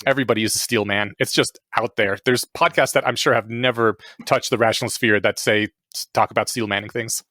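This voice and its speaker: A man hosting a podcast in casual chat, excitable, laughing often and swearing casually. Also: on the low side, a little fast, few pauses, dry recording, studio quality. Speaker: podcast host.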